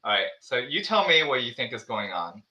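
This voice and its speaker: A man hosting a podcast, chatting casually and reading out a listener's letter, with halting restarts. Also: mid-range voice, big pitch swings, roomy sound, a crowd in the background. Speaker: podcast host.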